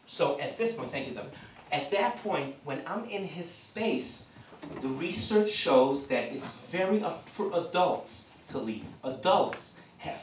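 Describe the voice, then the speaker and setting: A man speaks to a room of parents in a lively, animated way, breaking into quick acted-out scenes. His voice sits a little high for a man. The sound is echoey and picked up from well off the mic. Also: slight background noise. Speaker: seminar speaker. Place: community hall. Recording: echoey hall, mic from far off.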